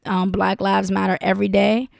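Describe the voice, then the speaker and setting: A woman's voice: medium pitch, flat delivery, normal speed, gravelly, a little mellow, no room sound, studio quality. Blunt, impassioned woman. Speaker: vlogger. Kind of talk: casual direct-to-camera talk.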